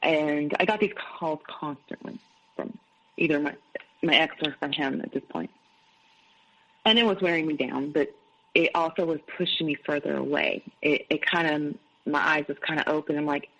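Gravelly middle-aged woman telling her story. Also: sits low, normal speed, a bit bright, low-quality recording. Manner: candid, recounts events with quoted dialogue. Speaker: guest. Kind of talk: personal storytelling.

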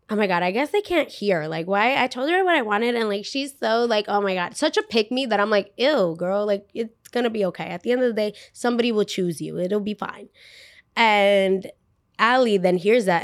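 A woman's voice: mid-range voice, no echo, studio quality. Chatty young woman telling a story. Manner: animated, lots of "like", acts out quotes. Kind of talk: casual storytelling.

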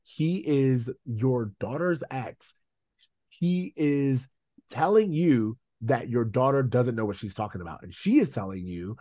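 A man's voice: medium pitch, unhurried, dark tone, no echo. Opinionated male podcast co-host, dry sound. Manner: opinionated, laughs easily. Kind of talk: casual chat.

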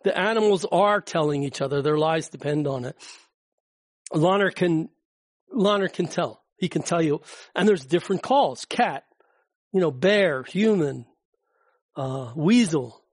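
A man's voice: on the high side, unhurried, pauses often, no room sound. Chatty man giving a rambling talk. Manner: rambling, chatty, frequent fillers and restarts. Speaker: guest speaker. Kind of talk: informal public talk with slides.

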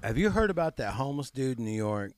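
A man's voice: medium pitch, big pitch swings, fast, no room sound. A man co-hosting a casual comedy podcast, rambling and laughing through his stories. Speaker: podcast co-host. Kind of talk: casual stoner chat.

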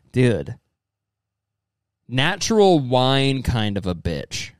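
This young man's comedic commentary has him reading messages aloud, cursing, rambling, and saying "dude" constantly while putting on exaggerated mocking voices. Very animated, he draws his words out, and his pitch swings widely. The sound is close and dry, with no room sound.

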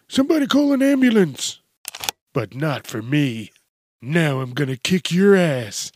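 A man voicing a feisty old male war veteran in a comedy sketch, boastful and shouting in a high strained voice. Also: background noise.

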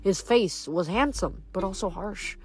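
A woman reading a novel aloud in an even narrating voice, then musing on the chapter afterward. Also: mid-range voice, a little slow, breathy edge. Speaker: book reader.

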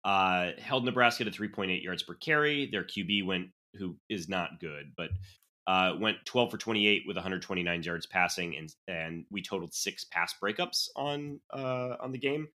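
A man's voice: low-pitched, normal speed. A man co-hosting a college sports podcast, reeling off stats in blunt, casual chat. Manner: animated, stat-heavy, blunt. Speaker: podcast co-host.

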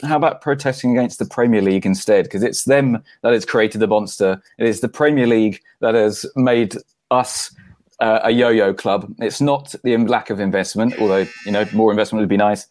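A man's voice: lowish voice, steady tone, fairly quick, a little mellow, no room sound. A man on a casual football podcast, making an argued point in a wry way. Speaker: podcast panelist.

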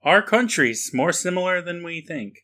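A man's voice: sits high, animated, moderate pace, bright, forceful tone. A man hosting a casual podcast, opening the show and teasing his co-host with dry humor. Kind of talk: casual chat.

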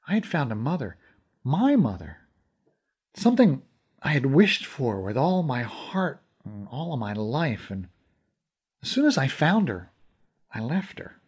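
A man's voice: mid-range voice, very animated, measured pace, pauses often, a little mellow, husky. A man giving heartfelt, emotional first-person story narration.

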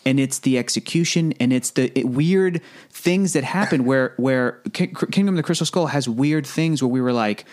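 A man's voice: mid-range voice, normal speed, darkish tone. Chatty male podcast host. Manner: chatty, explains at length with restarts. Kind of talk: casual movie podcast chat.

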